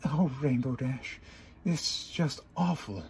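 A man's voice: medium pitch, measured pace, slight background noise, lightly acted. A man doing a timid, tearful female pony. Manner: soft, timid, sobbing. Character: shy gentle female pony, tearful and soft-spoken. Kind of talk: fan story reading.

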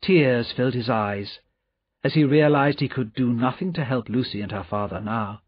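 A man reading a novel aloud as an audiobook narrator, in a slow, measured delivery. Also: mid-range voice, breathy edge, no room sound. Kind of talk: scripted narration. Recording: dull, dry audiobook recording.

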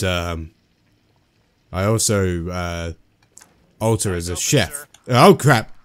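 A man giving jokey let's-play commentary, excitable and breaking into sudden high yelps. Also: slow, pauses often. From Australia. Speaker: gaming YouTuber.

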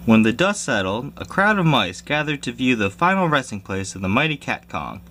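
A man reading a children's picture book aloud in a lively storytelling manner, jumping high for squeaky cries. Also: normal speed. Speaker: reader.

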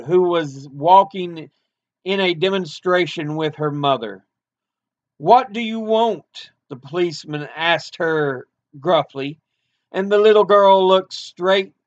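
An older man hosting a podcast, reading an interview aloud in a measured way, with occasional restarts. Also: a little high, fairly bright tone, dull audio.

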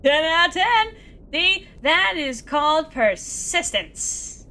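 A very high-pitched woman with a sharp, sing-song voice speaks slowly as she plays a video game for a let's play. Talking to herself in casual, self-mocking commentary, she laughs, groans, sighs in exasperation and has outbursts at the game.

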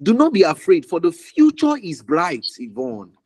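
A man's voice: high voice, wildly swooping pitch, normal speed, a little mellow, no room sound, poor audio. A man ministering prophetically over a call, declaring fervently with much repetition and sometimes dropping to a whisper.

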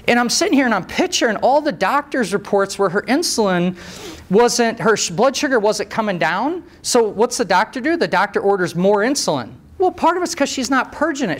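A man who trains mechanics, telling a story in a live talk, conversational and animated, with rhetorical questions and asides. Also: sits high. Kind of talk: storytelling presentation to a live audience.

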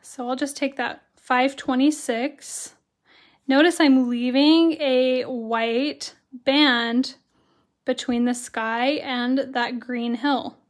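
A hoarse woman leads a relaxed live watercolor tutorial, her voice high and her pace unhurried. She chats along and greets viewers by name as she works. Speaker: watercolor instructor. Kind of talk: live-stream craft tutorial.

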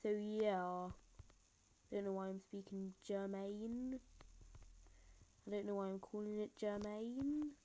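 A woman narrates a casual building tutorial while she plays, rambling and filling gaps as she goes. She makes fun of her own mistakes. Her voice sits at an everyday middle pitch, picked up by a phone screen recorder with a faint hiss underneath. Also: a little slow, warm tone, rough recording. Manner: rambling, filler-heavy, self-mocking. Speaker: game tutorial maker. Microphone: phone screen recorder mic.

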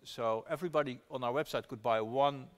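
A man tells a story as a guest at a live discussion. His voice sits at an ordinary middle pitch. He talks earnestly and animatedly, often restarting his sentences. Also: brisk. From Netherlands. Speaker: activist investor guest. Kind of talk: storytelling conversation at a public talk.

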